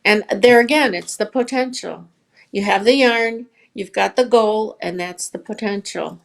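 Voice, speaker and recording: A woman with a gravelly, fry-edged voice at a middling pitch, chatting as a podcast guest. She tells her stories in an earnest, heartfelt way. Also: a little slow. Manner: earnest, storytelling. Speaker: yarn shop owner, guest. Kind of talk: casual podcast conversation.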